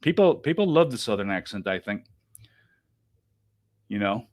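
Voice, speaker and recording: A man's voice: fairly low pitch, sing-song, moderate pace, dry recording. A man hosting a podcast, chatting casually with guests, self-interrupting and laughing often. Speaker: podcast host. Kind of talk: casual group chat.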